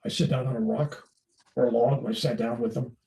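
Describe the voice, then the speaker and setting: Older male guest, animated storyteller, mellow tone, acts out voices; roomy, distant mic. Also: mid-range voice, a little fast, gravelly. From United States. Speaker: interview guest. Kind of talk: storytelling in casual conversation.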